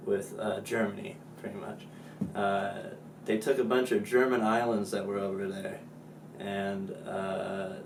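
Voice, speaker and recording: A man explains history in a slow, casual, joking way, with lots of fillers. His voice echoes in a room and sounds a little distant from the mic, with faint room ambience behind. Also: on the low side, flat delivery, a little mellow, a little hiss or hum. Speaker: student presenter.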